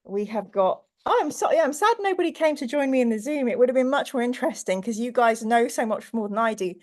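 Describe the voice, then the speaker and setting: A woman hosting a book livestream with a stuffy nose, chatting casually and laughing easily, then reading a bedtime story in a soft, cozy voice. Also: fairly high pitch, animated, fast talker. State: stuffy nose from hay fever. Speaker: book channel host.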